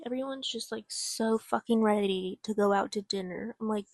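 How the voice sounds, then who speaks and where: An excitable young woman chats through her reading in a casual vlog. She rambles and swears freely, with a slightly high voice. The sound is close and dry. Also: normal speed, few pauses, no room sound. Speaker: book vlogger.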